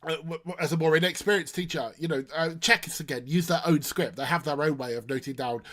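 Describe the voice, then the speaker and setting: A man's voice: fairly high pitch, fast, fairly bright tone. A man hosting a casual teaching podcast, playful and self-mocking, often stumbling and restarting. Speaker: podcast host, English teacher. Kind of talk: casual discussion.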